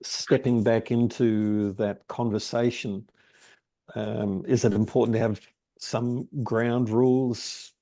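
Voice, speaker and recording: Low mellow guy asking a question in a workshop, lots of ums, kinda hesitant, dry sound. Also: flat delivery, slow, vocal fry, no room sound. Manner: hesitant, reflective, many ums. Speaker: workshop participant.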